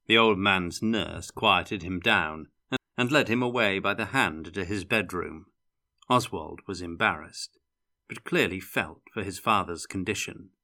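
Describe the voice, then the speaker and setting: A man reading a fantasy novel aloud in measured scripted narration. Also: low-pitched, bright, forceful tone. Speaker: audiobook reader.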